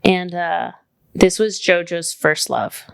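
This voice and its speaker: Low gravelly woman chatting on a podcast. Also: slow, no room sound. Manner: chatty, leans heavily on "like". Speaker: podcast co-host. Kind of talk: casual podcast chat. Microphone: studio microphone.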